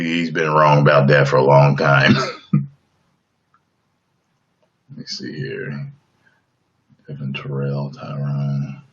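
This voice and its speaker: A man's voice: rumbling low, a bit bright, husky. A man hosting a casual livestream, answering chat comments bluntly, swearing and laughing often. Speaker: livestream host. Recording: dull lo-fi livestream audio.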